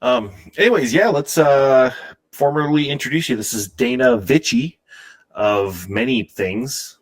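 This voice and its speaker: A man's voice: mid-range voice, unhurried. A man co-hosting a podcast in an easygoing, upbeat way. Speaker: podcast co-host. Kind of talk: casual podcast chat.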